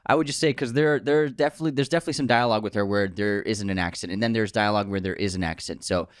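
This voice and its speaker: A man's voice: lowish voice, rapid-fire, no echo, studio quality. A man co-hosting a podcast in casual chat, agreeable, running the segments and handing out scores. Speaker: podcast co-host.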